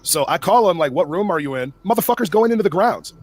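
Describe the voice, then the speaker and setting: A man telling a story on a livestream in an animated, profane way, acting out what others said. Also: high voice, fast, hardly any pauses. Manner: animated, profane, acts out quoted dialogue. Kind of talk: casual storytelling chat.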